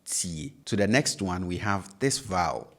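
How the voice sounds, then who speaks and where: A man's voice: sits low, expressive, a little slow, fairly bright tone. A man with a Ghanaian English accent, a native Twi speaker, teaching pronunciation patiently and repeating each sound. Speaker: language teacher. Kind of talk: online lesson.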